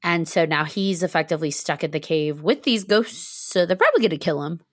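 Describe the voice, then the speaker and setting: A woman's voice: fairly low pitch, big pitch swings, a little fast, no room sound, studio quality. A woman co-hosting a casual book-discussion podcast, retelling the story animatedly, acting out characters' lines and laughing often. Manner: laughs often between phrases. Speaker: podcast co-host.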